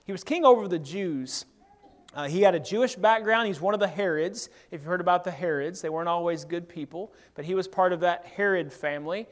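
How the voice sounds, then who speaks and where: Male preacher, high register, conversational Bible teaching, reads verses and then unpacks them plainly. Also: fairly quick. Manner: conversational, reads scripture aloud and explains it. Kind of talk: sermon-style Bible teaching.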